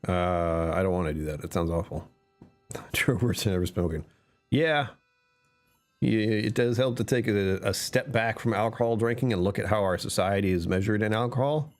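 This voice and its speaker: A man's voice: fairly low pitch, normal speed, soft background music. A man streamer chatting casually with his live chat, answering comments and laughing often.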